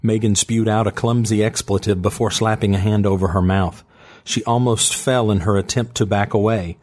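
A man narrating fiction in a steady, measured storytelling manner. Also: lowish voice.

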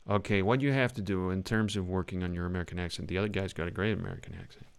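A man's voice: low-pitched, very fast, few pauses, clean tone. British man coaching actors emphatically. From Britain. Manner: animated, emphatic, demonstrates lines. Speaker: acting coach. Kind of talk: critiquing a scene in class.

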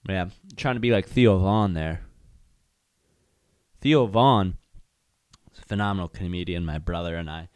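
A man's voice: low-pitched, animated, normal speed, long pauses, darkish tone, smooth, no room sound, studio quality. A young man hosting a podcast, chatting casually and candidly on his own, rambling with lots of fillers. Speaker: podcast host. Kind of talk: casual solo chat.

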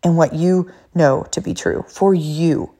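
A woman's voice: on the low side, fairly even intonation, a little slow, gravelly, warm tone, slightly rough. A middle-aged woman, a mother, telling a personal story in an emphatic, repetitive way.

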